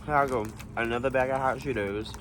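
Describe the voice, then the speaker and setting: A young man in a casual storytime vlog, animated and slangy, swearing freely and jumping into high exclamations. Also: brisk, noisy background. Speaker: vlogger.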